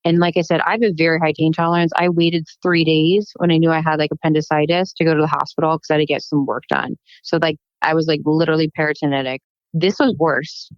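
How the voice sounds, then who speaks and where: A deep-voiced woman chats on a podcast and tells animated stories, acting out the other people in them. The recording is dry and a little dull. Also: quick pace, no room sound. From United States. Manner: animated storytelling, acts out quotes. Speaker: guest, plastic surgeon. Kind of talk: casual podcast chat.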